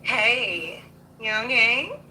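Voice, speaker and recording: A woman guest on a livestream, speaking in a hesitant, halting but measured way. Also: a little high, big pitch swings, sharp tone, a little hiss or hum, low-quality recording. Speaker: guest on the stream. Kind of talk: casual chat.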